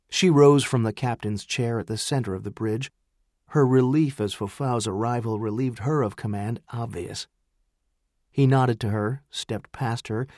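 A man reading scripted narration in a measured, even storytelling manner. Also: mid-range voice, dry recording, studio quality. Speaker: audiobook narrator.

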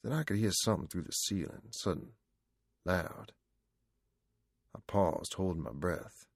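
A man narrating an audiobook in the first person, in a slangy, vernacular storytelling manner. His voice is very deep and gravelly, recorded close and dry. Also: measured pace, no room sound.

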